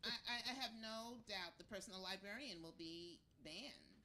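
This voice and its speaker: A woman's voice: medium pitch, moderate pace, pushed and bright, slight background noise. A woman author in conversation at a book event, speaking earnestly and with emphasis. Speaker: fellow author, moderator. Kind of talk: conversational discussion.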